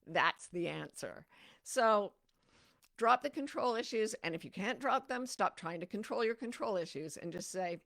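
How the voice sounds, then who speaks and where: A woman hosting a casual advice talk, earnest and conversational as she answers listener questions. Her voice is gravelly, mid-pitched and close, with a dry, direct sound. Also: unhurried, a bit bright, no echo. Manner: earnest and conversational, acts out little dialogues. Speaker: host.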